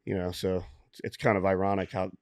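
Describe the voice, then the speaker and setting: A man's voice: sits low, little pitch movement, fairly quick, a little mellow, dry recording, studio quality. A man hosting a podcast, talking in a blunt, candid way and swearing casually. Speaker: podcast host. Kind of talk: casual conversation.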